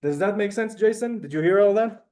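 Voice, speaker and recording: Lecturing an online Hebrew class by video call, a man speaks fairly quickly in a high-pitched, warm voice. He chats a lot, stays polite, and keeps apologizing and saying ma'am.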